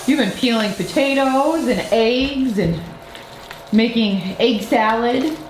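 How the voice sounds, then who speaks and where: Cheerful mom narrating a family vlog. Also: female voice, fairly high pitch, takes it slowly. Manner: cheerful, affectionate, narrating to the camera. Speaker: vlogging mom. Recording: noisy home video.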